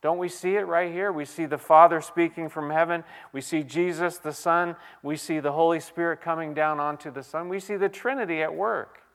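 A male pastor delivering a sermon, reading scripture aloud and moving between loud emphatic questions and hushed, quiet passages. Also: a little high, steady tone, normal speed, few pauses. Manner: dynamic preaching, swinging from loud exclamations to hushed quiet.

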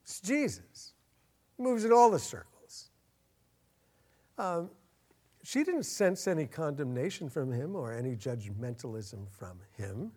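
A man preaching a sermon as a pastor, earnest, getting louder and slowing down to stress his points. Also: mid-range voice, big pitch swings, slightly rough. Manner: earnest, swells louder and slows down for emphasis.

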